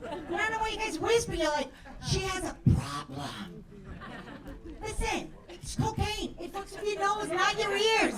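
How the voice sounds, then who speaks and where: A woman's voice: very high-pitched, moderate pace. A woman doing a brash, profane stand-up set in a comedy club, acting out the voices of the people in her stories. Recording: roomy club sound from a distance with crowd.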